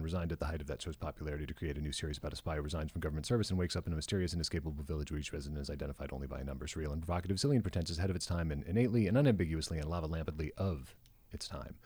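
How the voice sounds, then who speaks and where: Man, podcast co-host, very low pitch, playful grandiose wordplay. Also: darkish tone, no echo. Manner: wordplay-loving, mock-grandiose intros. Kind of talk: casual chat.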